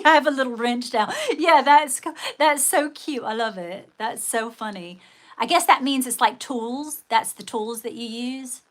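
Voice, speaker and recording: A woman hosting a casual livestream, chatting with viewers and thanking them, often calling them darling. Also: on the high side. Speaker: livestream host.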